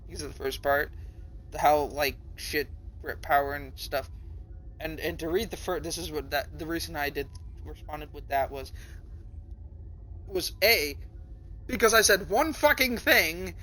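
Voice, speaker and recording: A young man streaming live, reading a story aloud and reacting to it with lots of swearing and sudden high, panicked cries. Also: fairly bright tone.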